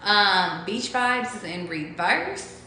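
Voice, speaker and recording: A woman's voice: medium pitch, animated, takes it slowly, pushed and bright. A young woman giving a casual tarot reading to her viewers, loose and chatty, swearing freely and breaking into bits of song. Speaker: tarot reader. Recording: echoey room with faint background noise.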